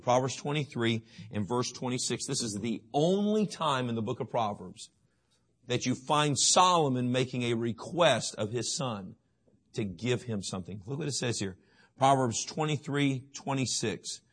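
A middle-aged man preaching a sermon in folksy storytelling, swinging from booming to hushed.

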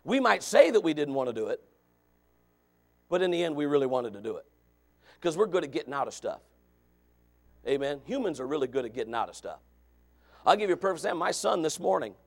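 A man preaching a sermon in a conversational way, moving from quiet asides to shouted points. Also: a little high. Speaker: pastor.

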